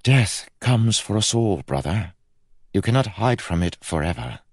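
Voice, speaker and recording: A man voicing a playful, teasing young prince of about twenty, calm and wryly amused. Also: lowish voice, a little slow, dry recording, studio quality, pitched above the performer's own voice.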